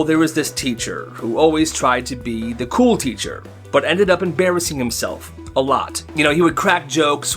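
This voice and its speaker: A man narrating funny school stories in a lively, hyped-up storytime style. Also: on the high side. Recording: faint music behind.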